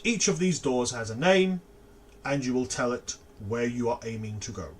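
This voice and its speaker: A man playing a stern magic-academy professor giving formal, measured instructions to new students. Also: medium pitch, close to an everyday voice.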